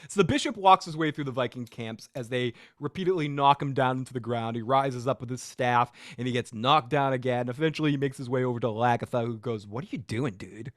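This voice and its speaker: A man's voice: mid-range voice, fast talker, few pauses, no room sound, studio quality. A man hosting a podcast, casually recapping a TV episode with joking, sarcastic asides. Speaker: podcast host.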